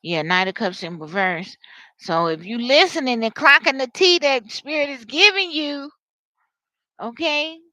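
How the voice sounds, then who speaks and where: A woman giving a live tarot reading, talking to viewers in an animated, slangy way. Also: high-pitched, unhurried, no room sound, rough recording. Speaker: tarot reader.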